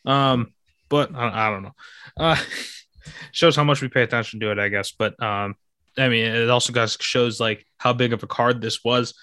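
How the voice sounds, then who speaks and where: A man's voice: medium pitch, fairly even intonation, moderate pace, sharp tone, smooth, dry recording. Young man, podcast host, casual chat, fillers, dry sound. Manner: laid-back, filler-heavy, reads news items aloud.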